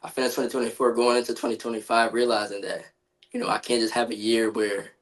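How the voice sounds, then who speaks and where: A man's voice: mid-range voice, flat delivery, quick pace, low-quality recording. A man in casual podcast chat, speaking earnestly about motivation and staying true to himself, often saying "bro" and "you feel me". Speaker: podcast guest.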